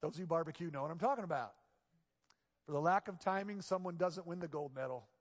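A male pastor preaching a sermon, moving between hushed, intimate passages and loud, emphatic exclamations. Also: a little high, fast talker. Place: church sanctuary. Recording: long reverb of a large church hall.

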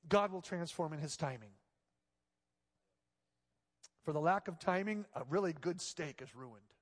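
Pastor preaching in a reverberant sanctuary. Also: male voice, on the high side, animated, measured pace. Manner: swings between hushed, intimate passages and loud, emphatic exclamations. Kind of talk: sermon. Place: church sanctuary. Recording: long reverb of a large church hall.

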